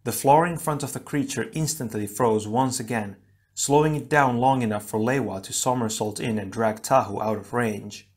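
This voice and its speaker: A man narrating an action storybook in a steady, even reading voice. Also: mid-range voice, normal speed. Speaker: audiobook reader.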